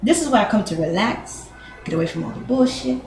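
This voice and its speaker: A woman's voice: mid-range voice, expressive, fairly quick, gravelly, noisy background. A woman giving her niece blunt relationship advice in casual talk. She swears freely and acts out both sides of conversations. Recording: echoey room with faint ambience.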